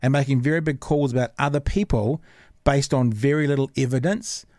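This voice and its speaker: A man hosting a casual podcast lays out his views in an earnest, opinionated way, thinking aloud as he goes. His voice is of middling pitch and sounds dry and close, with no room echo. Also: fairly even intonation, brisk, a little mellow. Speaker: podcast host.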